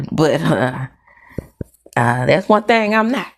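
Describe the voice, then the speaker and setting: Slow, sassy middle-aged woman host. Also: low voice, animated, slight background noise. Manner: sassy, drawn-out, emphatic delivery with slang asides. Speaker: host of a celebrity gossip show. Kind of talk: casual commentary monologue.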